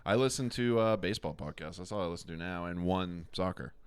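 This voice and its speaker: A man's voice: sits low, a little fast, clean tone, dry recording. A man co-hosting a podcast in casual chat, laid-back, swearing freely and laughing often. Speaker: podcast co-host.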